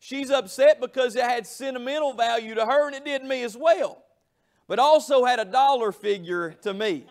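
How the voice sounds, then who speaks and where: In a church sanctuary, a middle-aged man delivers a Southern revival sermon in a very high, gravelly, rasping voice. He tells his stories emphatically, drawing out the key phrases.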